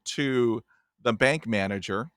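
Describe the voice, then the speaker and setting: A man who stutters, hosting a casual podcast chat and telling an animated story, often stopping to address his guest by name. His voice sits at an ordinary middle pitch. The sound is close and dry, with no room echo. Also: takes it slowly, clean tone. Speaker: podcast host.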